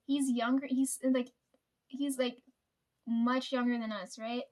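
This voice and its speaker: A woman's voice: on the high side, steady tone, takes it slowly, a little mellow. A woman chatting casually, telling work stories with lots of fillers, swearing and laughs. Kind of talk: casual storytime chat.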